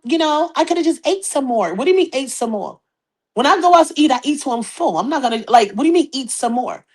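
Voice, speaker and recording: A woman hosting a podcast in casual gossip commentary, loud, laughing often, profane and animated. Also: fairly high pitch. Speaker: podcast host.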